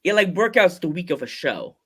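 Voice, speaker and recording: Podcast host, male, higher register, rambling anecdotal delivery with frequent restarts. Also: very animated, breathy edge. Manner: rambling storyteller who acts out quoted voices; halting restarts mid-sentence. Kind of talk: casual podcast interview.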